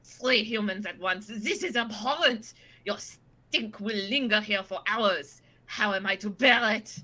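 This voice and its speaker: A woman's voice: medium pitch, unhurried, bright, forceful tone. A woman voicing a haughty, disdainful pampered female house cat with a mock-French manner. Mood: scornful. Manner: mock-French, grandly scornful.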